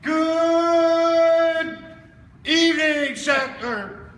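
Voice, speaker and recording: A man giving a loud, playful recruiting pitch to children, using call-and-response. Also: steady tone, very slow. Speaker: district director. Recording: echoey hall, distant mic, crowd noise.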